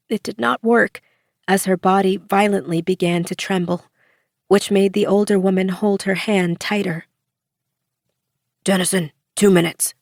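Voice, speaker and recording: A woman narrating an audiobook in a measured way, giving the characters soft voices. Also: lowish voice, no room sound, studio quality.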